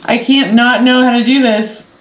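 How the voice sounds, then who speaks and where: A woman's voice: a little high, steady tone, normal speed, roomy sound, poor audio. A woman hosting a casual sew-along quilting vlog from her home sewing room, talking in a chatty, rambling way and laughing often. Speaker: quilting channel host.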